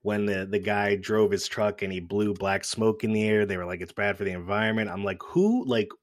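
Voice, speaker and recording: A man's voice: on the low side, brisk. A man hosting a podcast, chatting casually about a film, swearing often and laughing as he tells it. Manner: profane, laughing, animated storytelling. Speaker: podcast host. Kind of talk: casual chat.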